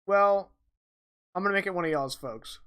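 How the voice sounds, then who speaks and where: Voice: mid-range voice, normal speed, a bit bright. A game master running a tabletop game in an easygoing way, explaining rules and scenes.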